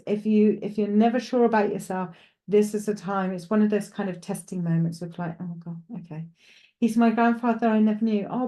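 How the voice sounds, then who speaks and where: A woman's voice: medium pitch, mellow. A woman with a Welsh accent presenting live psychic readings, talking reassuringly and chattily to a caller.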